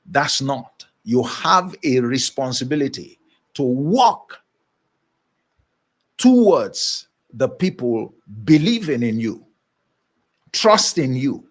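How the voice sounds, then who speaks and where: A man's voice: mid-range voice, sing-song, slow pace, long pauses. A man giving a motivational leadership lesson in an emphatic, preacher-like way, repeating his key points. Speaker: leadership coach.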